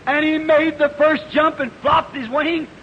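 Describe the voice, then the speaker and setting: A man preaching a revival sermon, telling a folksy story that builds into shouted fervor, heard on an old archival tape. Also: very high voice, steady tone, measured pace, slight background noise. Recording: dull old archival tape in a reverberant hall.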